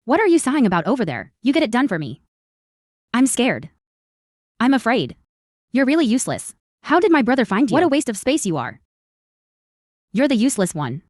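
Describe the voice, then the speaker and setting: A woman dubbing a haughty, sharp-tongued young woman in a drama, scolding and contemptuous. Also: fairly high pitch, very animated, brisk, long pauses, no room sound, clean studio sound. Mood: scornful. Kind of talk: dubbed drama dialogue.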